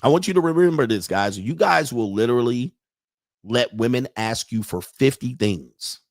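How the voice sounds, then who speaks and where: A man's voice: mid-range voice, expressive, normal speed, dry recording, clean studio sound. A man hosting a livestream, giving a profane, mocking rant and often laughing at his own points. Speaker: host of a dating and lifestyle livestream.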